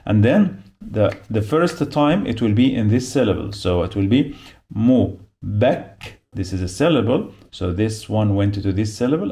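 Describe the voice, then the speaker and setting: A man's voice: lowish voice, creaky, mellow. A man giving a beginner phonics lesson, repeating each sound and syllable patiently as he explains the marks. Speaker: Arabic teacher.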